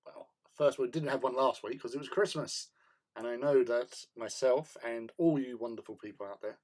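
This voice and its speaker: A medium-pitched man speaks at a normal pace while hosting a relaxed hobby livestream from his painting desk. He rambles chattily, full of ums and soft laughs, and says hello to viewers in the chat.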